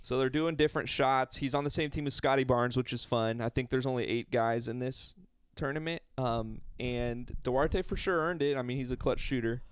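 Talkative podcast host, smooth voice. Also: male voice, medium pitch, moderate pace, few pauses, no echo. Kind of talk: casual chat about basketball.

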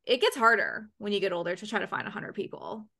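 A young woman hosting a casual chat, bubbly, with quick asides and repeated words as she starts her sentences. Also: medium pitch, gravelly, pushed and bright. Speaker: podcast host.

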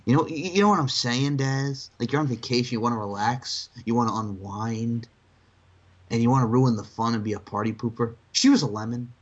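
Man, casual wrestling chat, animated, profane, mocking, medium pitch, slightly muffled lo-fi audio. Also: fairly quick. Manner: animated, swearing, mocking in shrill put-on voices. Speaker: podcast co-host.

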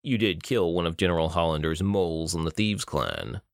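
A male audiobook narrator voicing a menacing, cruel male villain who taunts slowly. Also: deep voice, animated, gravelly, no echo, clean studio sound, pitched below the performer's own voice. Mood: taunting.

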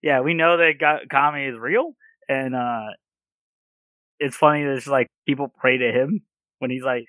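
An easygoing man co-hosts a casual podcast and recaps the story plainly. His voice is bright and forceful, and it is recorded close and dry with no room sound. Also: medium pitch, fairly even intonation, normal speed, dry recording. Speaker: podcast co-host. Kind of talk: casual chat.

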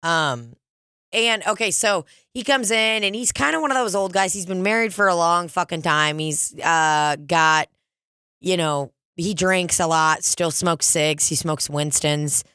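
A woman co-hosting a podcast, telling a story in casual chat, animated and swearing freely. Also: unhurried, smooth, no echo, studio quality. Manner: animated, swears freely, mimics people in high excited voices. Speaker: podcast co-host.

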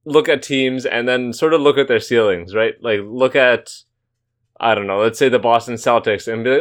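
A man's voice: medium pitch, fairly bright tone. A man hosting a casual sports podcast, joking around, laughing easily and rattling off stats. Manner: jokey, laughs easily, rapid-fire stats. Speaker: podcast host.

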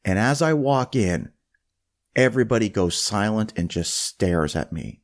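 Male host, casual storyteller, lower register, stumbles and restarts. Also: measured pace. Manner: animated, restarts phrases. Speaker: podcast host.

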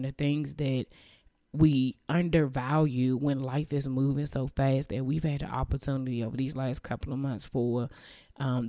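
A woman's voice: a bass voice, dark tone, no echo, clean studio sound. Earnest woman hosting a faith podcast. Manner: earnest, emotional, repeats words, sighs. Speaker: podcast host. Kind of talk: heartfelt faith-based podcast monologue.

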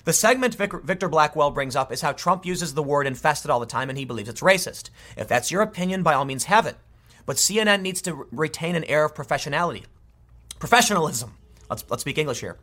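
A man's voice: fairly high pitch, sharp tone. A man giving an opinionated commentary monologue, emphatic and often restarting his sentences. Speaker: political commentator.

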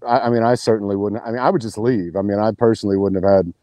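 A man's voice: lowish voice, racing. A man talking casually as a podcast guest, telling a rambling story full of restarts and swearing. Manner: rambling, restarts, profane, animated retelling.

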